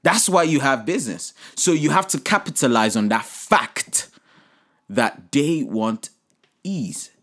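A man hosting a podcast, giving lively, preachy business advice and speaking straight to his listeners. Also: medium pitch, unhurried. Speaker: podcast host. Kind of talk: motivational business talk.

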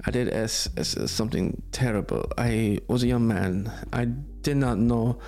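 A man's voice: mid-range voice, dark tone, close to an everyday voice. Brief: a man playing a haunted cursed older man, put-on Russian accent, broken English, mid-range voice. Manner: slow, halting, broken English.

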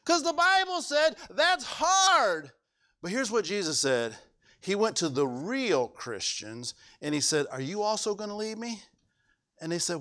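A man's voice: sits high, big pitch swings, measured pace, sharp tone. A male pastor preaching a sermon, emphatic and full of rhetorical questions to the congregation.

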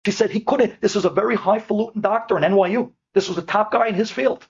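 A man's voice: high voice, fast talker, vocal fry, breathy edge. A man telling a personal story, acting out each person's words in changing voices. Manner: lively, quotes people in changing voices. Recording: dull lo-fi sound.

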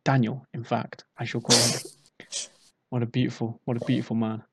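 A man's voice: mid-range voice, little pitch movement, brisk, heavy background noise. A young British man casually telling a rambling, self-mocking party story. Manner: rambling, self-mocking, acts out drunk quotes.

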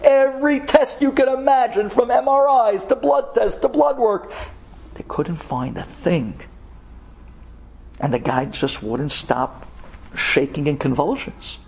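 A man telling a dramatic story, swinging from hushed tones to loud outbursts. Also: sits high, gravelly, slightly rough. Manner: animated, shifting from hushed to shouted.

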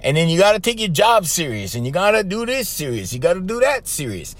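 A man's voice: high voice, big pitch swings, brisk, fairly bright tone. A man with a Hawaiian Pidgin accent, hosting a podcast as a casual, loose monologue full of "bro" and laughs. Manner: chatty, loose, laughs often, says bro. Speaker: podcast host.

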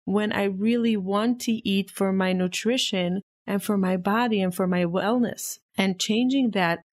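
A woman's voice: medium pitch, unhurried. A woman giving an earnest, self-reflective personal monologue. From Israel. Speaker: vlogger.

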